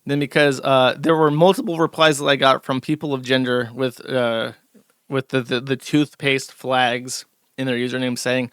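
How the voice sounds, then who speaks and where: A man with a bright, crisp voice delivers sarcastic commentary on a live stream. He rambles with fillers and drops in short laughs. The sound is dry and close to the mic. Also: mid-range voice, flat delivery, moderate pace, dry recording. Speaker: streamer host. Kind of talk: casual ranting commentary.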